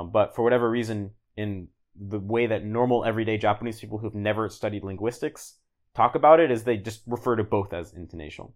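A man talking casually as a podcast guest, explaining at length with lots of fillers and restarts. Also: lowish voice. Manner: relaxed, rambling, many "like"s and restarts. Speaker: guest, language learner.

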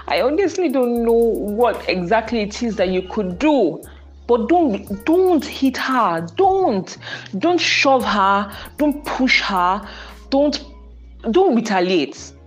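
A young Nigerian woman hosting a podcast, speaking in an earnest, preachy way with emphatic repetition about faith and marriage. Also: mid-range voice. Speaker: podcast host. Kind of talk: casual monologue on faith and marriage.

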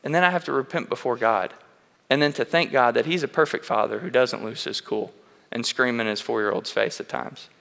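Bright-voiced man preaching in a reverberant hall. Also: mid-range voice, brisk, gravelly. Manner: earnest, candid storytelling with frequent restarts. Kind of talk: sermon. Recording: long reverb of a large hall.

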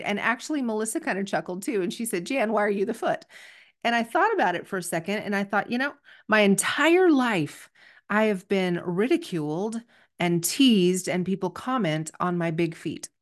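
A woman's voice: medium pitch, lively intonation, moderate pace. A middle-aged woman hosting a podcast, telling a story in an earnest, chatty and self-deprecating way. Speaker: podcast host. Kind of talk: casual solo podcast storytelling.

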